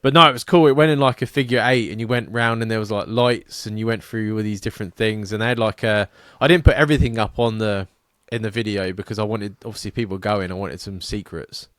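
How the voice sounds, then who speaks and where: A man's voice: fairly low pitch, quick pace, few pauses, fairly bright tone, no room sound, studio quality. A man co-hosting a podcast in casual, rambling, sweary chat. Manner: rambling, sweary, laughs a lot. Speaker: podcast co-host.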